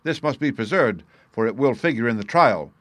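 A man reading a sharp, middle-aged male detective who explains his reasoning in a measured, assured way. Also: medium pitch, animated, no echo, natural voice. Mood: composed. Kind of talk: audiobook character reading.

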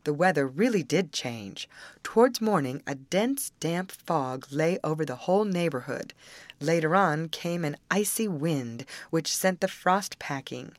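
A woman narrating a fairy tale in a gentle, expressive read-aloud style. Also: sits low, unhurried, no echo. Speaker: storyteller. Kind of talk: storybook narration.

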